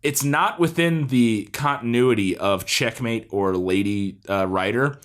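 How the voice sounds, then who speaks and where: Animated man recapping a bad movie. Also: mid-range voice, a little slow. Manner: animated, swearing, laughing recap. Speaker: podcast co-host. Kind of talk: casual movie-review chat.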